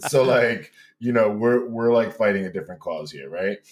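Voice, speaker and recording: A man with a New York accent, a podcast guest telling a story loudly and campily, laughing often. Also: on the low side, lively intonation, normal speed. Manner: loud, campy, laughs often. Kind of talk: animated storytelling.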